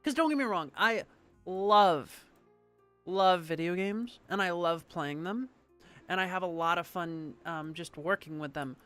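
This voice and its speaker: A woman's voice: lowish voice, measured pace, a bit bright, soft background music. A woman streamer in casual live-stream chat, rambling and chatty, swearing now and then.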